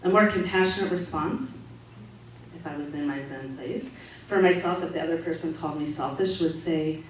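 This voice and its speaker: A woman giving a calm, measured, gently instructive Sunday talk to a congregation, as a spiritual practitioner. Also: low voice. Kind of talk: sermon-style talk to a congregation. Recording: echoey hall audio from far off, faint noise.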